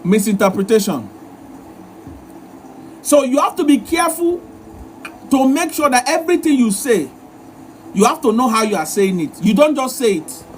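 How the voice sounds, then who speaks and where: A man's voice: very high voice, sing-song, normal speed, long pauses, slight background noise. A man hosting a live relationship advice session, talking in a repetitive, emphatic, lecturing way. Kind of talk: live-stream advice talk.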